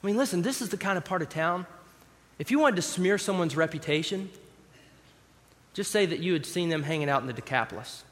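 A man's voice: high-pitched, animated, brisk, fairly bright tone. A man preaching a sermon in a conversational way, acting out scenes from scripture as he reads. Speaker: pastor. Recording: long hall reverb.

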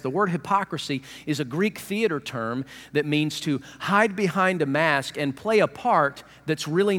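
Male pastor preaching, fairly high and very lively voice, playful, long church reverb. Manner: animated, humorous, acts out voices. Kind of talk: sermon.

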